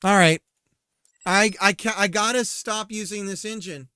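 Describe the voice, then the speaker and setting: A man's voice: sits high, steady tone, normal speed, bright, forceful tone, clean tone, no echo. A man game developer livestreaming, chatting casually while coding, rambling and self-mocking with frequent laughs.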